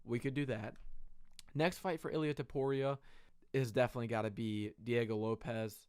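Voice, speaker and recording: A young man talks through a fight in a loose, excited ramble full of fillers and the odd curse. His voice sits at an ordinary middle pitch. It is recorded dry and close, with no room sound. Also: normal speed, smooth, dry recording. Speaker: MMA reaction host. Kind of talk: casual fight breakdown commentary.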